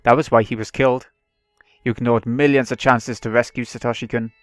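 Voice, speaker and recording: A man's voice: medium pitch, flat delivery, brisk, no echo, faint music behind, lightly acted. A man reading the lines of a vengeful teenage girl tormenting her captive, in a cold, mocking manner, in his own voice. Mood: taunting.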